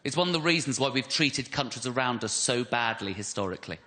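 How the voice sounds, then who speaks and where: This middle-aged stand-up comic from England, West London accent and all, rants in mock outrage while mocking himself before a live crowd. He talks fast in a mid-range, animated, sharp-toned voice; the venue recording is noisy, with laughter from the audience.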